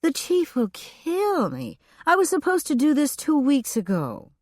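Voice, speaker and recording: A woman narrator voicing a breathy, scatterbrained female fire dispatcher in an audiobook, with an eager, pleading manner. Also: medium pitch, sing-song, measured pace, a little mellow, no echo, studio quality, pitched above the performer's own voice. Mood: frantic. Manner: eager, pleading, then frantic. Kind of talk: audiobook character voice.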